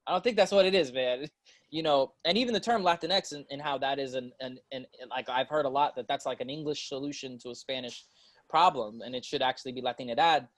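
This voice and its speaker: A man's voice: medium pitch, brisk, no room sound. A man on a podcast panel, talking casually in loose slang and laughing often.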